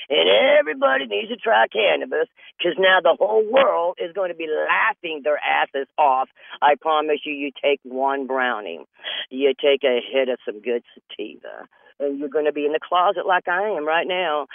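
A man's voice: fairly high pitch, gravelly, no room sound. A man hosting a comedy show, talking through a rambling comedic monologue from a closet over the phone and laughing at his own jokes. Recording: tinny phone line, dry small space.

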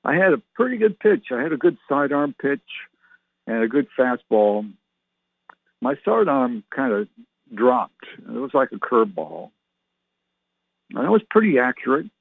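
A man's voice: mid-range voice, sing-song, a little slow, gravelly, long pauses, slightly rough, no room sound. Chatty older man on a tinny line. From Canada. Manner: chatty, joking, meandering. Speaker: show host. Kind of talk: rambling solo monologue. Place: enclosed patio at home. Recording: tinny phone-like line, dry.

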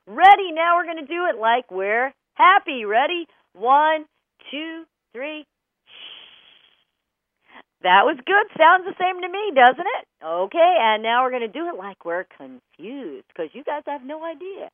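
Bubbly high-voiced woman on a tinny line. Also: a little slow, no echo. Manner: bubbly and animated, laughs often. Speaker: dog trainer and show host. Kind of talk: call-in radio talk. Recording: tinny phone-like line, dry.

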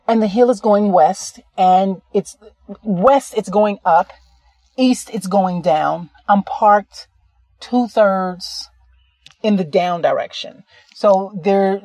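A female podcast host tells a personal story in a casual, rambling, conversational way, frequently correcting herself mid-sentence. Her voice is medium in pitch with a dark tone, and there's no echo.

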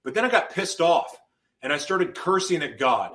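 A man's voice: on the high side, lively intonation, normal speed, fairly bright tone. A man guest on a podcast, giving an intense personal testimony and acting out his past outbursts as he tells it.

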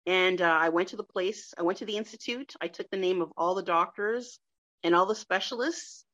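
A woman talking with enthusiasm in a conversational interview, animated and quick to laugh. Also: on the low side. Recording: dull lo-fi sound.

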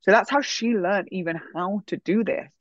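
A woman telling a personal story in a casual, animated way, full of fillers. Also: mid-range voice, moderate pace, no echo. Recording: dull, dry sound.

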